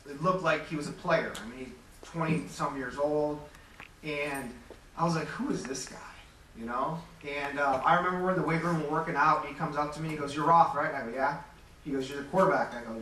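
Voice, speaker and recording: A man's voice: a little high, bright, forceful tone. A man around forty from Metro Detroit, telling candid, self-deprecating stories as a Hall of Fame inductee giving an acceptance speech. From Metro Detroit, Michigan. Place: large hall. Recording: echoey hall, distant mic, faint hum.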